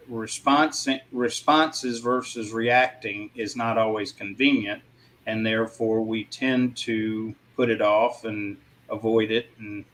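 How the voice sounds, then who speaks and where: A man in a casual panel discussion, speaking in a reflective way with frequent pauses. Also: on the low side, poor audio.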